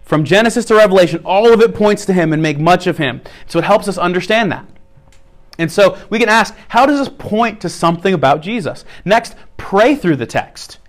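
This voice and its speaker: High-voiced male pastor teaching. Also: lively intonation, brisk. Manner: practical teaching tone, repeats key phrases. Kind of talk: sermon.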